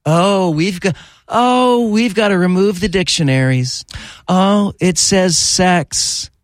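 A man's voice: high voice, takes it slowly, no room sound, clean studio sound, pitched above the performer's own voice. A man on talk radio putting on a whiny, sing-song Southern accent to play a fussy school official. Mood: mocking. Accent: Southern US, put on. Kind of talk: mocking impression on talk radio.

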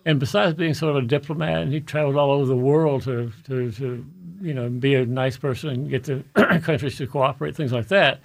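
A man's voice: medium pitch, fairly even intonation, a little fast, gravelly, few pauses. A man hosting a radio garden show, telling stories in a folksy way and acting out the people in them. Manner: folksy storyteller, acts out quoted people. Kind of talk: radio talk show chat.

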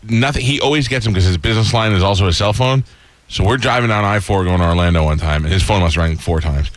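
A man hosting a podcast, telling stories in a casual, animated way and slipping into quick impressions. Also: on the low side, dry recording. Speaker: podcast host. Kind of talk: casual storytelling chat.

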